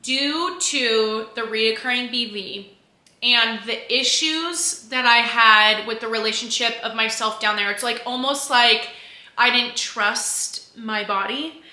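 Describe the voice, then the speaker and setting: Young woman, casual vlog chat, candid, bright voice, echoey room. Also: a little high. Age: 20s. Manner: chatty, candid, lots of "like" and restarts. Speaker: vlogger.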